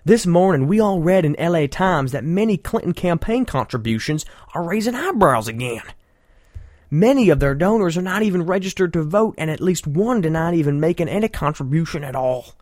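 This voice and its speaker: A man's voice: on the high side, lively intonation, brisk, darkish tone, no room sound, studio quality, pitched above the performer's own voice, natural voice. A man putting on an exaggerated, mocking impression of a male Southern politician while reading a statement aloud.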